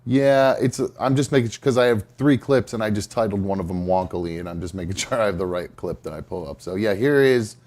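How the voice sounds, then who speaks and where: A man with a somewhat low voice hosts a live talk show. He rambles casually, hedging with fillers and starting his sentences over. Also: quick pace, hardly any pauses, darkish tone. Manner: chatty, hedging, with fillers and restarts. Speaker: podcast host.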